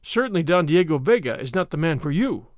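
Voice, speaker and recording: A man's voice: fairly high pitch, sing-song, a little fast, no echo, studio quality. A man voicing an arrogant army captain in an audiobook, purring and sneering as he presses his suit. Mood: wooing. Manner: sneering, overbearing. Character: arrogant bold army captain suitor, male. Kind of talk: audiobook character reading.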